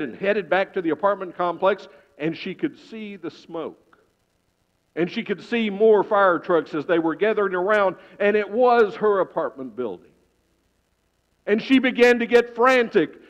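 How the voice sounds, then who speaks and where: A man preaching a sermon in church, telling a story with sudden loud swells and quiet hushed drops. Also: high voice, normal speed. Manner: dramatic storytelling, swelling loud then dropping to a hush. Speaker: pastor. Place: church sanctuary. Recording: dull reverberant church sound.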